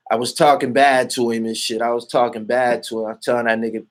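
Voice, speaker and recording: A man's voice: mid-range voice, level tone, quick pace, few pauses. Boastful, profane man talking casually. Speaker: interviewee. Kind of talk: casual street talk.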